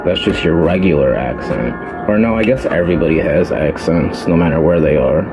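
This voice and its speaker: Deep wry rambling man. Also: a little fast. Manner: wry, rambling, deadpan complaints. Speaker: podcast guest, host's brother. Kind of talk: comedy sketch and casual chat. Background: background music.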